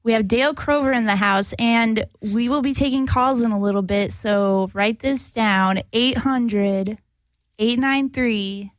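Co-host, woman, high childlike voice, dry studio mic. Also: measured pace, no echo, poor audio. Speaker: podcast co-host. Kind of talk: casual chat.

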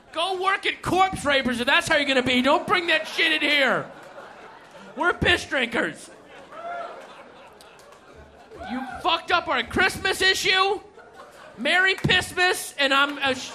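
A ranting magazine boss, as a man puts him on, loud and exasperated and swearing at his staff. The voice pushes up high and bright, with a crowd faintly behind. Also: full character voice. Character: ranting middle-aged male magazine editor, furious, fussy.

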